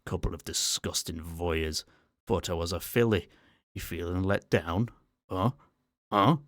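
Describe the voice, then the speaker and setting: A man's voice: deep voice, unhurried, fairly bright tone, dry recording, clean studio sound. A man voicing a furious, foul-mouthed male mascot robot with a Scottish accent, snarling and menacing, in an ASMR story reading.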